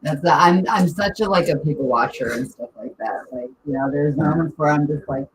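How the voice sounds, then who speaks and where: A woman's voice: deep voice, a little fast, slight background noise, low-quality recording. A woman co-hosting a casual podcast, chatty and teasing. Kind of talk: casual chat.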